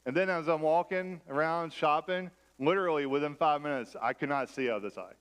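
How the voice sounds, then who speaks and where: A man's voice: fairly high pitch, fairly quick, fairly bright tone, clean tone. A man preaching a sermon in a church, conversational and self-deprecating as he mixes personal stories with scripture. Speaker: pastor.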